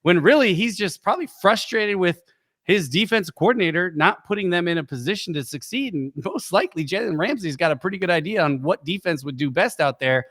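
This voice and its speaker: Middle-aged man, sports podcast co-host, animated storyteller, fairly high voice. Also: a little fast. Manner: animated storyteller, acts out quotes in a raised voice. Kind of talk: casual sports podcast chat.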